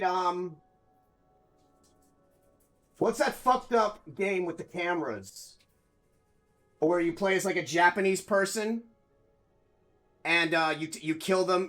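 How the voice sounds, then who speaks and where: His high-pitched voice fills a casual home livestream as he plays a video game and talks with viewers. He's excitable, curses without restraint, and bursts out in loud yells.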